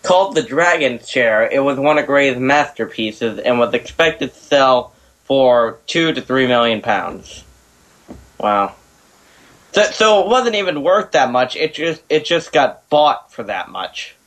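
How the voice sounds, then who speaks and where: A man's voice: medium pitch, lively intonation, measured pace, a bit bright, rough recording. Laughing man reading out trivia. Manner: reads out facts with stumbles, laughs easily. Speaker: podcast host. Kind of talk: casual chat.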